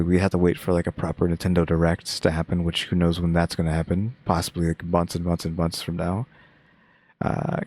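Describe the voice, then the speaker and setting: Gravelly deep-voiced man, monotone. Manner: monotone, laid-back. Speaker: channel host reacting to a game showcase. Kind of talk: casual reaction commentary.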